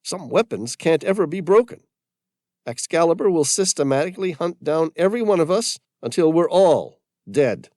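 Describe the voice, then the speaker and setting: A hunted man who talks in grim, emphatic bursts, sure of his doom, as a male audiobook narrator plays him. His voice rises a little above the narrator's own, lively and pressing, in a dry close recording. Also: fairly high pitch, moderate pace, dry recording, pitched above the performer's own voice. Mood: intense.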